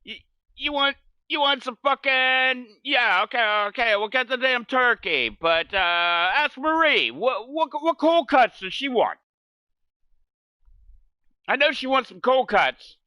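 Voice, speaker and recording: A man putting on a pushy New Jersey deli customer, loud and insistent, repeating himself. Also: very high-pitched, lively intonation, takes it slowly, no room sound, clean studio sound, voice pushed up, full character voice.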